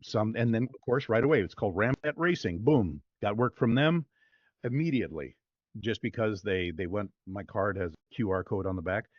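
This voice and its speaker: Man, low voice, rambling, upbeat, dry dull audio. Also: animated, normal speed, no room sound. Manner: rambling, upbeat, lots of fillers. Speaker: voice-over artist guest. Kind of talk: casual interview talk.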